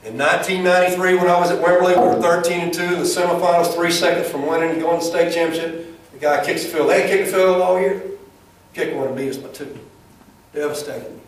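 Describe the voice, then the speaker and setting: Middle-aged man, folksy speaker, mid pitch, distant mic in a very echoey hall. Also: level tone, fast. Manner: folksy, storytelling, plainspoken. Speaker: speaker at a chamber event, former football coach. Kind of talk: folksy motivational speech with jokes.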